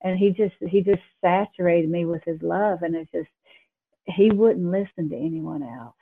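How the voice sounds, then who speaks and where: A woman guest sharing a personal faith testimony, telling it in a quick, emphatic, animated way with some laughs. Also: lowish voice, breathy edge. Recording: tinny phone line.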